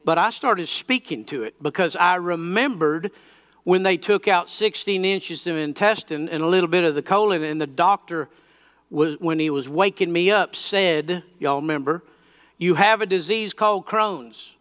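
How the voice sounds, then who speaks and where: A man's voice: fairly high pitch, normal speed, a bit bright. A man preaching a sermon, telling a personal story that builds into fervent declarations.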